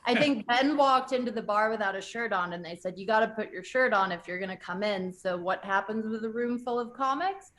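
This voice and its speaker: A woman comedian chatting casually as a guest, wry and quick to laugh. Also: mid-range voice, a bit bright. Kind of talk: casual chat.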